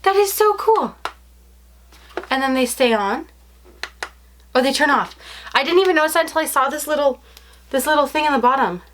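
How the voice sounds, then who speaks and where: Young woman vlogger, fairly high voice, effusive and breathless, faint hiss behind. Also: fairly quick, pauses often, a bit bright. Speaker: unboxing vlogger. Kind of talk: excited unboxing vlog.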